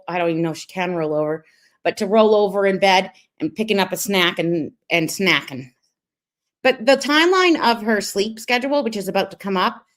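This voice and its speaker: Sarcastic young woman streamer commentating. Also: mid-range voice. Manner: sarcastic and critical. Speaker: streamer reacting to a clip. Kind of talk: gossipy reaction commentary.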